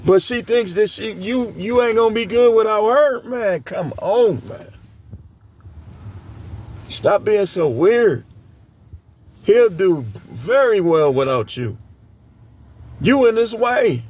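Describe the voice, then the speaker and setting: A man's voice: high-pitched, lively intonation, slow pace, pauses often, darkish tone. A middle-aged man giving blunt, scolding dating commentary, lecturing his viewers in a preachy way. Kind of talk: ranting commentary to camera.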